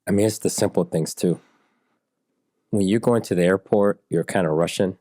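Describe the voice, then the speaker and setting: Low, mellow-voiced man telling stories. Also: moderate pace, no echo, clean studio sound. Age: 40s. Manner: animated storyteller who acts out dialogue in raised voices. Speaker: interview guest, software engineer. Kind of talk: storytelling in a relaxed interview.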